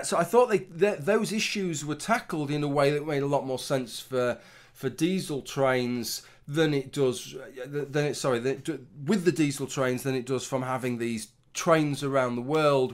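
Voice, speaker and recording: A man's voice: medium pitch, moderate pace. A middle-aged man giving a casual, rambling opinion commentary, swearing often and restarting his sentences. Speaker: commentary vlogger.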